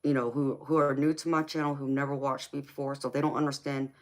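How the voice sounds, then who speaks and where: A woman's voice: extremely low pitch, level tone, fast. Middle-aged woman, live-stream host, emphatic and passionate, affectionate to chat. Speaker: tarot reader and live streamer.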